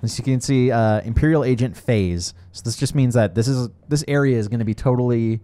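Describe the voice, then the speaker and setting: Here a man with a medium pitch and warm tone speaks fairly quickly. He's the co-host walking through a video game in relaxed commentary, easygoing and humorous, with sentences he keeps restarting.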